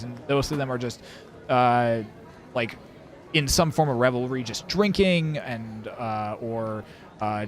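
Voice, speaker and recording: A young man running a tabletop game as dungeon master, describing scenes with many fillers and restarts. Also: mid-range voice.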